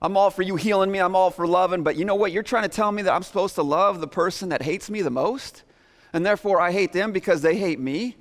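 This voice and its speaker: A man preaching a sermon as pastor, animated, acting out his listeners' reactions in quick asides. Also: sits high.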